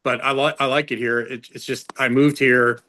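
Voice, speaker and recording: A middle-aged man tells stories as an interview guest, loose and chatty, with plenty of "like" and "you know." His voice sits mid-range, and it leaps higher whenever he quotes someone. He keeps restarting his sentences as he goes. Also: moderate pace. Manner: animated storyteller, jumps into higher voices for quotes; many fillers and restarts. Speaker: strength and conditioning coach, guest. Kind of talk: casual storytelling.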